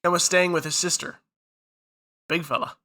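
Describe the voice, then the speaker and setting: A man co-hosts a podcast, reading a listener's story aloud before breaking into loose, joking chat. His voice sits on the high side, with a bright, forceful edge. He swears freely and talks casually. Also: fairly even intonation, normal speed. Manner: reads story text aloud, then casual banter with swearing. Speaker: podcast co-host.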